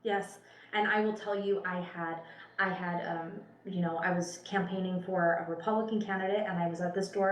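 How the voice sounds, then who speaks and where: A woman's voice: on the low side, steady tone, a little fast. A woman, a policy expert guest, talking earnestly and chattily, with many fillers and restarts. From Spokane County, Washington, US. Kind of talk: casual panel conversation. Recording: roomy room, mic at a distance.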